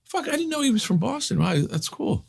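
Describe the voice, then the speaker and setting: A man impersonating a fellow actor as an excited, stammering younger man. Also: very high-pitched, fairly quick, vocal fry, slightly rough, pitched above the performer's own voice, full character voice.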